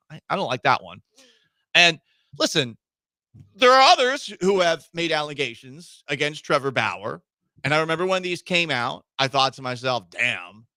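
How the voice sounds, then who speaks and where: Bright, joking sports radio host. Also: male voice, medium pitch, no room sound, studio quality. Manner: joking, animated, emphatic. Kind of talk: casual sports talk radio. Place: radio studio.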